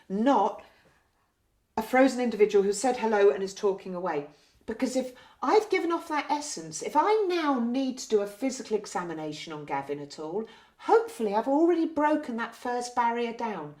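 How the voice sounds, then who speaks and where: A nurse explaining care to health staff in a gentle, patient way, often ending points with tag questions. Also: female voice, fairly high pitch. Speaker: community learning disability nurse. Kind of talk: training talk with role-play. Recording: roomy echo.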